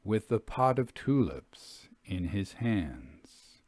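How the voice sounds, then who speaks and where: Slow, deep-voiced male storyteller. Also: lively intonation, darkish tone, dry recording. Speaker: narrator. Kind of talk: reading a gothic ghost story aloud.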